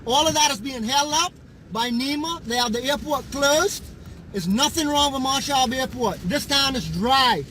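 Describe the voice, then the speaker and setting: A Bahamian man with a hoarse voice, angrily describing storm damage around town in urgent, repeated bursts. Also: extremely high pitch, normal speed, bright, forceful tone, slight background noise. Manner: agitated, urgent, repeats himself. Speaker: local resident filming storm damage. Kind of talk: angry walking commentary.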